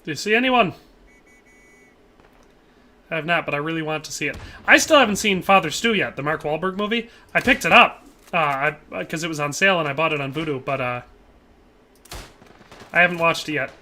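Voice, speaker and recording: A man livestreams a shooter game, giving casual commentary, reading viewer comments, rambling, and adding playful tag phrases to his lines. His voice is high-ish, lively, brisk, bright, and forceful, with frequent pauses.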